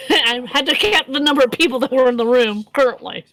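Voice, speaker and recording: A woman's voice: high voice, brisk, pushed and bright, a little hiss or hum, low-quality recording. A woman narrating a tabletop game as game master, rambling with many fillers and restarts.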